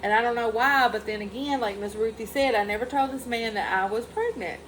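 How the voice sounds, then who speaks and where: A woman's voice: fairly high pitch, brisk, fairly bright tone, slight background noise, rough recording. A young woman, candidly telling a personal family story to her followers in a casual vlog, speaking in loose run-on sentences full of "like". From Mississippi. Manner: heartfelt and candid, peppered with "like". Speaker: vlogger.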